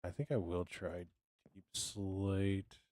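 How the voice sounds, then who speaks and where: A man talking casually to his live-stream chat while he builds in a game, mumbling and humming to himself, and clearing his throat now and then because he is sick. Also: sits low, takes it slowly. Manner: relaxed, mumbling to himself, humming filler sounds.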